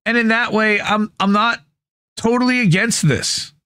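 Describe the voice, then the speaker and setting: A male podcast host with a somewhat high voice, recorded close and dry with no room sound. He reads passages aloud and then talks back to them bluntly, with casual swearing and a confident, opinionated edge. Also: steady tone, a little slow, bright, forceful tone, clean tone, no echo. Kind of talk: reading an article aloud with running commentary.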